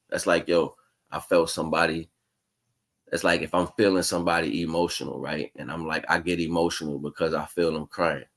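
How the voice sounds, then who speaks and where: Deep-voiced man musing casually on a livestream. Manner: casual, slangy, keeps asking "you know what I'm saying"; rambling, musing delivery with restarts. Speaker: livestream host. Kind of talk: spiritual livestream monologue.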